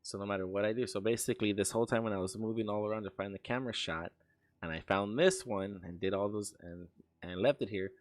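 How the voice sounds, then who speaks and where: A man's voice: fairly low pitch, quick pace, no echo, studio quality. A young man streaming while he works on an animation, chatting casually, rambling, laughing and swearing as he tells stories.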